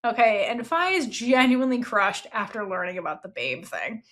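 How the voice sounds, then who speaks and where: A woman hosting a casual book review podcast, chatty and expressive, swearing freely as she talks. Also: on the high side, normal speed. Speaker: book club podcast host.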